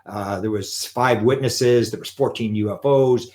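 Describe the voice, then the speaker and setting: A man telling an anecdote in a live talk, animated and acting out the quotes. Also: fairly low pitch, measured pace. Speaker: lecturer on UFOs.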